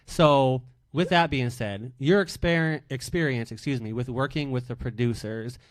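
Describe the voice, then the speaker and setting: Animated male radio show host. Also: medium pitch, moderate pace, no room sound. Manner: expressive, emotional, animated when excited. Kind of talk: casual interview.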